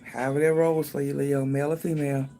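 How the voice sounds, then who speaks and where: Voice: medium pitch, flat delivery, quick pace, warm tone, soft background music. A tarot reader giving a casual reading, thinking aloud, speaking straight to the viewer and swearing freely.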